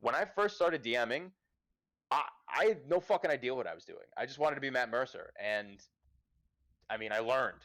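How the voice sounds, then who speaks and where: A man's voice: mid-range voice, animated, moderate pace, fairly bright tone. A man hosting a casual livestream chat, giving profane, emphatic advice as a game master. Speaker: podcast host and dungeon master.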